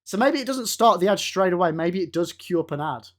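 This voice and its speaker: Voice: mid-range voice, expressive, a little fast. A game streamer chatting casually with live viewers, laughing often and swearing now and then.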